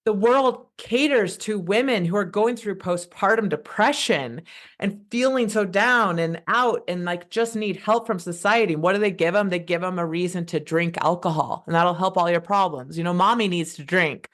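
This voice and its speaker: A woman in her thirties with a slightly low voice speaks as a podcast guest. She talks with fired-up passion in a casual, rambling way, restarting her sentences as she goes. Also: moderate pace.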